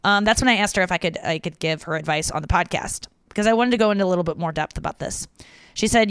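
A woman's voice: lowish voice, fast talker, clean tone, no echo, clean studio sound. A young woman hosting a podcast alone, chatting candidly with fillers and frequent swearing as she reads out listener messages. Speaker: podcast host. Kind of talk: casual solo podcast, reading listener messages.

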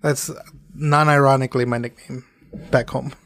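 A man co-hosting a comedy podcast, bantering casually, swearing and jumping into quick silly voices. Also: mid-range voice, fairly even intonation, a bit bright. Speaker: podcast co-host.

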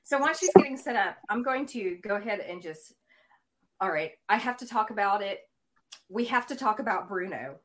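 A woman co-hosts a casual podcast. She talks in an eager, gushing way when she recommends things. Her voice sits at an ordinary middle pitch. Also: expressive, normal speed, fairly bright tone. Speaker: podcast co-host. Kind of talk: casual chat.

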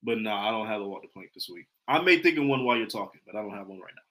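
Excitable male podcast co-host. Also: fairly low pitch, racing. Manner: enthusiastic, repeats himself, stumbles over words. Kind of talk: casual sports chat.

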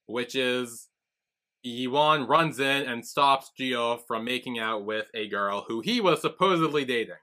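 A man's voice: mid-range voice, measured pace, sharp tone. A man co-hosting a podcast, chatting casually as he retells a drama's scenes and acts out the characters' lines. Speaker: podcast co-host. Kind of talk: casual recap chat.

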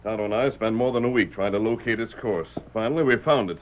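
A man's voice: lowish voice, fast, lightly acted. A man playing the Lone Ranger, stern. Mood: commanding. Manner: firm, clipped commands. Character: masked Western hero, calm, commanding. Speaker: lead actor in radio drama. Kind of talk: 1930s radio drama acting. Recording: dull old radio recording with hiss.

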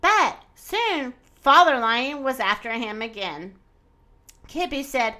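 Woman reading children's story, high bright voice, unhurried. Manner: expressive, animated read-aloud.

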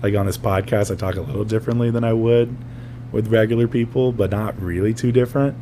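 Man, podcast co-host, casual chat, deep mellow voice, faint hum behind, laughs a lot. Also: fairly even intonation, fast. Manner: laughs often, acts out voices in stories.

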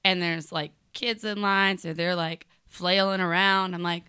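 Brief: young woman co-host, bright crisp voice, sweary animated storyteller. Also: on the low side, a little slow, hardly any pauses, no room sound, clean studio sound. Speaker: podcast co-host. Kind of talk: casual chat.

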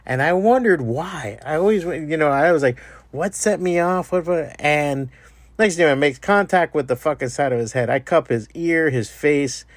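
A man's voice: on the high side, expressive, normal speed, no room sound. A man hosting a podcast, telling a rambling, profane story in a casual monologue. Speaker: podcast host.

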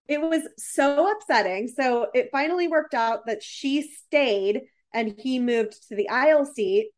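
A woman chatting casually, telling a story in an animated way with lots of filler words. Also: fairly high pitch, moderate pace. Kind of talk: casual chat.

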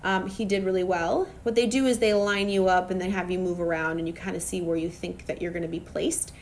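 A young woman from Minnesota chatting casually to her viewers, telling a lively story full of fillers and asides. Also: fairly low pitch, a little fast, a little hiss or hum. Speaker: vlogger. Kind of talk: casual chat to camera.

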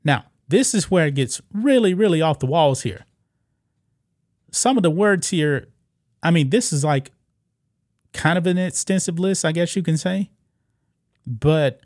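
A man's voice: a little high, animated, unhurried, long pauses, a little mellow, no echo, clean studio sound. A man hosting a casual commentary video, reading an article aloud and reacting with disbelief, rambling with fillers and restarts.

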